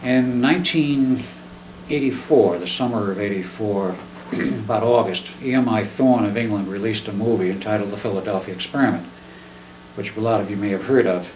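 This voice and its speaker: An older man talks in a low, folksy storytelling voice, plain-spoken and unhurried in his phrasing. He is picked up from well back, so the room rings around him and a faint hiss sits under it all. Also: darkish tone. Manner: plain-spoken, folksy, mimics others in quotes. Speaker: speaker. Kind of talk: storytelling talk to an audience. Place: presentation room. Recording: echoey room, distant mic, faint noise.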